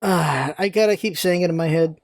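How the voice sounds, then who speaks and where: A woman casually commenting while playing a video game, chatty and self-mocking, with quick exclamations. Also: lowish voice, slight background noise. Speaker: let's play host.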